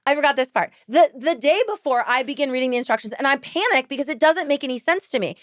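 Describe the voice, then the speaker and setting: Podcast host, woman, casual storyteller; slightly high voice, close dry mic, lively and quick to laugh. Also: no room sound. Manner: animated, laughs often, quotes people in voices.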